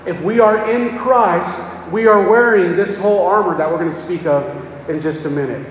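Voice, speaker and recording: A man's voice: high-pitched, moderate pace, a little hiss or hum. A man preaching a sermon in a plain, conversational way, often checking in with the congregation. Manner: plain-spoken, repeats "okay?" to check on listeners. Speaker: pastor. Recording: echoey hall, voice from far off.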